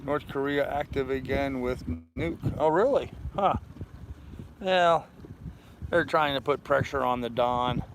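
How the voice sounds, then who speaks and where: An older man hosting a relaxed livestream from his sailboat in a harbor, rambling easily and reading viewer comments aloud. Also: medium pitch, measured pace, gravelly, background noise. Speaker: vlog host. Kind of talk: casual livestream chat.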